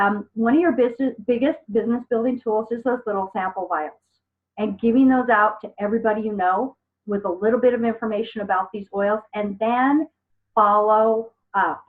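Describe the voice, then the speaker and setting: A woman teaching an online business class in a chatty, upbeat way, talking to her students by name over a video call. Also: mid-range voice. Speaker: business trainer. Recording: phone-like video call audio.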